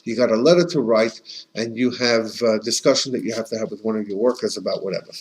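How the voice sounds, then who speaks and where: A man's voice: lowish voice, fast, rough recording. A man, a rabbi, teaching a casual class in a chatty, anecdotal way, often restarting his sentences and dropping in Yiddish and Hebrew terms. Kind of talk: casual conversational lesson.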